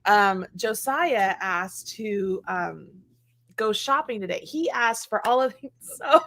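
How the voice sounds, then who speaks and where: A woman host in a casual chat, telling animated stories, laughing and mimicking others. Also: high voice. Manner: animated storyteller, laughs often, mimics voices.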